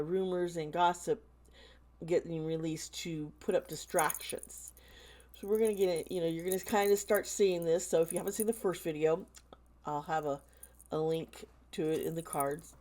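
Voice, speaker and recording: A woman with a low voice talks slowly and earnestly to her viewers in a casual vlog. She often pauses, hesitates and restarts her sentences as she goes. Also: dark tone. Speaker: tarot channel host.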